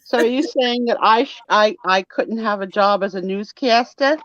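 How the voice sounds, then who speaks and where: A woman's voice: mid-range voice, moderate pace, no room sound. Lady hosting a live sale chat, teasing and playful, kinda muffled lo-fi sound. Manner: teasing, playful, animated banter. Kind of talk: casual live-stream chat.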